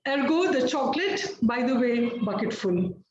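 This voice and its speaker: A woman's voice: fairly high pitch, animated, moderate pace. A woman hosting an online poetry reading, giving brief remarks between readers. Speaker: event host. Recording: very echoey lo-fi call audio with faint noise.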